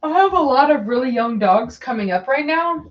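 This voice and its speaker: A woman's voice: high-pitched, expressive, normal speed. A woman breeder chatting casually on a livestream, answering viewer questions in a meandering way, with lots of ums and repeated phrases. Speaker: dog breeder hosting a livestream. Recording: dull lo-fi stream audio.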